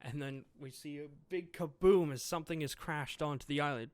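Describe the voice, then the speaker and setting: A man's voice: on the high side, a little fast, hardly any pauses, no room sound. A man giving a casual solo review of a comic chapter, reading lines aloud and commenting with chuckles. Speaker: manga reviewer.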